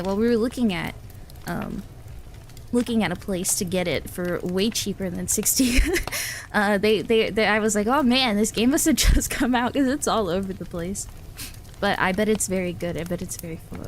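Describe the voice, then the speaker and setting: A woman streams from home and chats casually with her viewers, rambling and breaking into giggles. Her sentences often start over. A faint hiss sits under her voice. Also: on the low side. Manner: chatty, giggly, rambling with restarts. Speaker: livestreamer. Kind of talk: casual chat with live chat.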